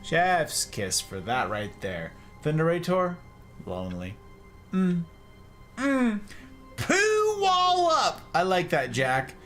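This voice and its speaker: A man's voice: on the high side, very animated, takes it slowly, fairly bright tone, soft background music. A man streaming a game, chatting casually and teasing his viewers with playful, repetitive banter. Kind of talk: casual live-stream commentary reading chat.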